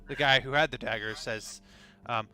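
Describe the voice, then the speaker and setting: Man, game master, bright voice, halting narration, faint music behind. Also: mid-range voice. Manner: halting, filler-heavy narration.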